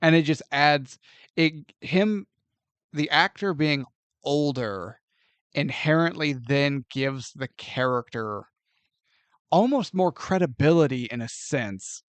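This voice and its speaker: A man co-hosts a casual podcast, joking through a movie review and acting out the scenes as he goes. His voice sits fairly high for a man and jumps around a lot in pitch. The recording is dry and close, with no room sound. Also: slow pace, smooth, no room sound. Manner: animated and joking, often laughs and acts out scenes. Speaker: podcast co-host.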